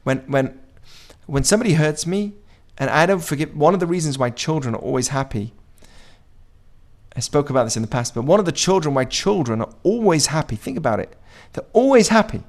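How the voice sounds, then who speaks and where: A man's voice: on the high side, animated, a little fast. A man giving an informal Jewish teaching to a group, speaking conversationally, asking the room questions and acting out quoted dialogue. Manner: conversational, asks the audience questions. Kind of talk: informal Torah class.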